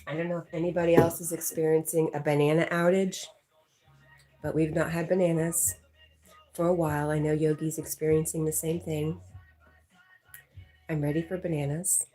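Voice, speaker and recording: A woman's voice: low voice, flat delivery, normal speed, long pauses, dark tone, faint music behind. A woman hosting a livestream, chatting casually and teasing as she reads viewer comments aloud, laughing often. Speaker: livestream host.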